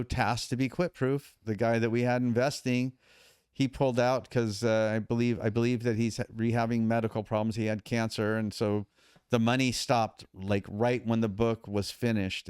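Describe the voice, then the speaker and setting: A man's voice: mid-range voice, moderate pace, clear, resonant tone, dry recording, studio quality. A middle-aged man as a podcast guest, telling his story casually and acting out what others said. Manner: animated, acts out quotes of others.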